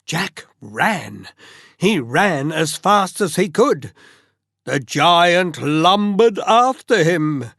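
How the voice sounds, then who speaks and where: A storyteller reads a fairy tale as bedtime listening practice, pacing every phrase very slowly. The voice rises and falls in a lively, sing-song way. It is recorded close and dry, with no room sound. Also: medium pitch, no room sound. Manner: very slow, expressive read-aloud.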